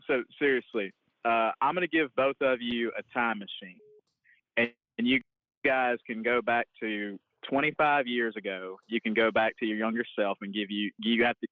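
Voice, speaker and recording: A man's voice: medium pitch, fairly even intonation, moderate pace, fairly bright tone, poor audio. A man calling in to a radio show and asking a question in a friendly, eager way. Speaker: caller. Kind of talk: casual radio call-in question.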